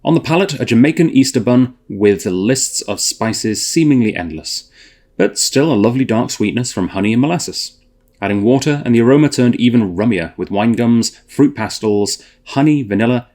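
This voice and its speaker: A man's voice: medium pitch, darkish tone. A man hosting a whisky tasting video, chatting casually and thinking aloud with fillers and self-corrections. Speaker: host.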